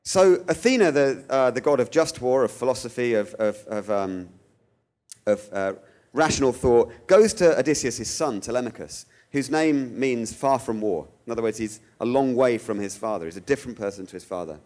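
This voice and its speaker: Animated man telling a story. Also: mid-range voice, normal speed. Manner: animated storytelling, acts out quoted voices. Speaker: guest speaker. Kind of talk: theological talk.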